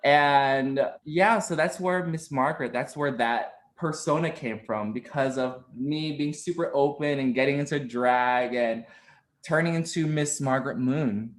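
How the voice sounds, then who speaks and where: A man in his twenties talks as a podcast guest, telling stories with animated energy and ready laughter. His pitch sits in an ordinary middle range. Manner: animated storyteller, quick to laugh. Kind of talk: casual interview chat.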